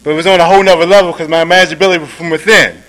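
Very fast and steady in tone, a man recounts his recovery at a meeting, peppering his talk with "man," "right?" and "you dig?" He swings from quiet, low moments to louder, emphatic ones, on a rough recording.

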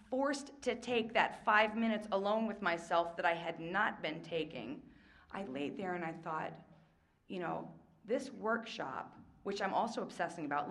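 A middle-aged woman speaking at a recovery workshop, candid and self-mocking, swinging between hushed confession and loud outbursts. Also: medium pitch. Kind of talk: personal testimony talk.

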